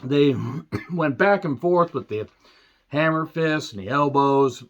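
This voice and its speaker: A tired man recapping a wrestling show in a casual solo review, rambling with fillers, wry asides and frequent throat-clearing. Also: fairly high pitch, lively intonation, slow pace, lo-fi sound.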